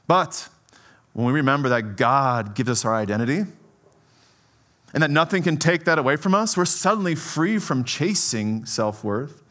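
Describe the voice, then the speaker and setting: Male pastor, bright and tense tone, animated conversational preaching. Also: fairly high pitch, normal speed. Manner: conversational, often asks "right?"; animated, swings between soft and emphatic. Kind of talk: sermon.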